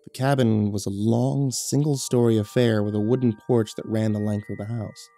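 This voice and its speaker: A man reading a horror story aloud in steady, dramatic scripted narration. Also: fairly low pitch, normal speed, creaky, soft background music.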